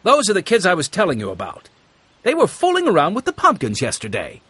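Guy doing a snippy suspicious lady in a story, fast and pointed, husky voice. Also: high-pitched, huge pitch swings, sharp tone, dry recording, pitched above the performer's own voice, exaggerated voice. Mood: accusing. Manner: quick, accusing. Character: suspicious, accusing grown woman, sharp-tongued.

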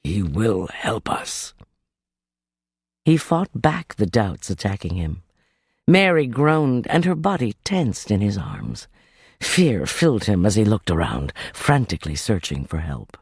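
A man narrating a scripted story in an expressive, measured way. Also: fairly low pitch, husky, no room sound, clean studio sound.

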